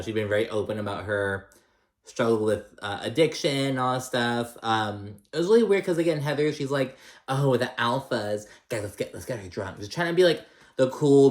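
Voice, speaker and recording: A man's voice: mid-range voice, reverberant. A man casually recapping a reality show, gossipy and full of fillers, acting out the cast's lines with sass. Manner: gossipy, filler-heavy, mimics cast with sassy quotes.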